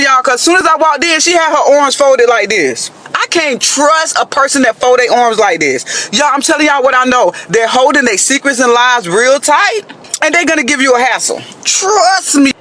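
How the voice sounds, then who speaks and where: A man's voice: very high voice, lively intonation, moderate pace, pushed and bright. A man telling a dating story in a chatty, dramatic way, talking straight to listeners with lots of asides. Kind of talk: animated casual storytelling to viewers.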